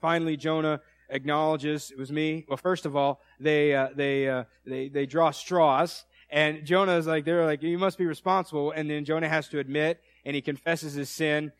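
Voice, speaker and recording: A man preaching a sermon in a conversational, animated storytelling way, acting out quotes. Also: a little high, normal speed, hardly any pauses, no room sound.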